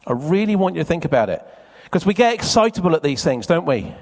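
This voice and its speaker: A man speaks live at a seminar and keeps questioning and teasing the crowd. His voice sits high and swings widely. It carries a long reverb of a big hall. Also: sing-song, fast, a little mellow. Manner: chatty, teasing, quizzes the crowd. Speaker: event speaker. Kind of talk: live seminar talk to an audience. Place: conference hall with a live audience.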